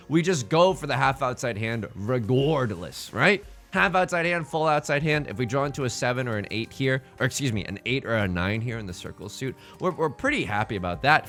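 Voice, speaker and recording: Lively, bright-voiced young man commenting on gameplay. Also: mid-range voice. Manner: animated, playful, jokey asides; drops to a stage whisper at times. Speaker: let's play streamer.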